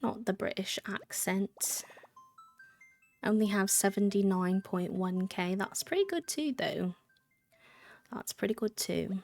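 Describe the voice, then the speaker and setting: A woman's voice: medium pitch, a little slow, long pauses, darkish tone, soft background music. A young woman streaming a game live, chatting in a rambling way, answering her chat and thanking subscribers. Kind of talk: casual live-stream chat while gaming.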